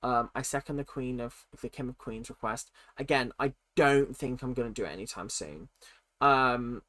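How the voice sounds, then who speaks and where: Chatty streamer with a cold. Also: male voice, medium pitch, normal speed, pushed and bright. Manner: chatty and candid, answering questions as they come. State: has a cold. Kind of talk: casual livestream chat, reading viewer questions aloud.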